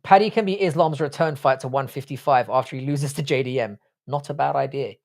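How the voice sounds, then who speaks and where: A man's voice: mid-range voice, brisk, creaky. A young man, Irish by birth and raised in London, hosting a casual livestream, reading out chat comments and giving blunt, profane opinions. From Ireland. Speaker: livestream host.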